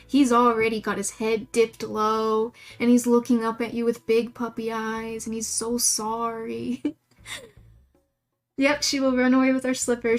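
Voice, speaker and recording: A young woman with a slightly high voice chats loosely with her viewers while she draws. She rambles from topic to topic and laughs often, and faint music plays behind her. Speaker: livestreamer drawing emotes. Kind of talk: casual chat while drawing.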